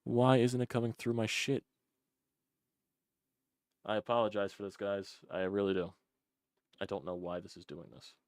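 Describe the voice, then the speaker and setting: Guy hosting a sports call-in show, really low voice, annoyed and swearing, dead dry sound. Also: level tone, moderate pace, long pauses, darkish tone, no room sound. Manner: frustrated, profane, repeats himself. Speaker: sports podcast host. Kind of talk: casual fan call-in show.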